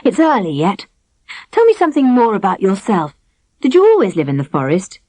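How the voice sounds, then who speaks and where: Brief: woman reading a bashful, kindly young male servant in a storybook, friendly, lively pitch. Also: fairly quick, no echo. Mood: shy friendly. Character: shy, kind young male castle servant.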